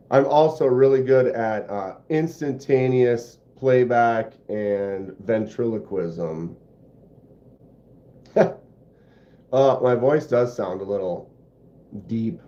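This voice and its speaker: A man hosting a relaxed livestream who talks slowly and rambles, poking fun at himself as he goes. His voice sits in a roomy space with some echo. The sound is a little dull. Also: mid-range voice. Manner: rambling, self-deprecating, chatty. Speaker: host of a knife channel livestream. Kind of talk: casual livestream chat.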